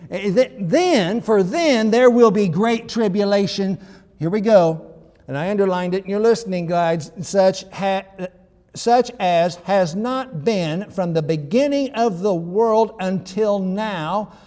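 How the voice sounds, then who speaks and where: A man's voice: sits high, animated, slow pace, mellow, long reverb tail. A male pastor preaching a sermon in a conversational, emphatic way, with frequent restarts.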